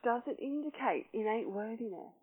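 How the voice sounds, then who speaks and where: A woman who leads self-love workshops, teaching with probing questions and then guiding a slow, soft meditation. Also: fairly high pitch, expressive. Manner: probing, asks many questions. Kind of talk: teaching talk and guided meditation. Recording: tinny phone-like sound.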